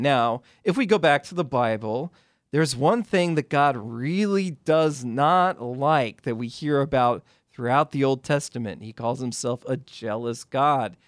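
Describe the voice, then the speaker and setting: A man's voice: mid-range voice, dry recording. Man rambling through film analysis, dry. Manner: rambling, with many restarts and retellings of scenes. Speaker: film critic guest. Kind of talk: casual explanatory radio talk.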